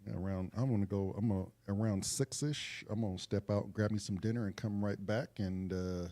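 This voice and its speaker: A man's voice: on the low side, steady tone, fairly quick, warm tone. A man co-hosting a live jam stream, bantering casually with crude, playful jokes. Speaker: musician co-host.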